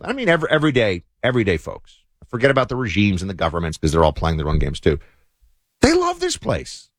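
A man's voice: lowish voice, no room sound, studio quality. A man hosting a talk show, chatting casually with many fillers. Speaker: show host. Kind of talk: casual political commentary.

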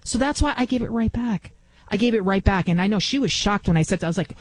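A woman's voice: mid-range voice, a little fast, slight background noise, poor audio. A woman in her forties hosting a talk radio show, telling an indignant, ranting story. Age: 40s.

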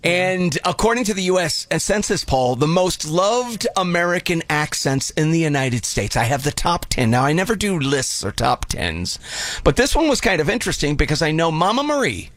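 A man's voice: fairly high pitch, big pitch swings, normal speed, fairly bright tone, no echo. A man from Las Vegas hosting a radio show, upbeat and announcer-like, laughing often. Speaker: radio host.

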